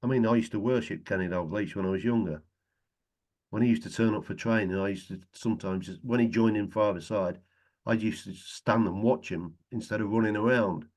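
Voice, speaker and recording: A man's voice: on the low side, fairly quick, darkish tone. Chuckling man telling stories. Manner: chatty storyteller, chuckles often. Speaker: guest, retired footballer. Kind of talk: casual anecdotal chat.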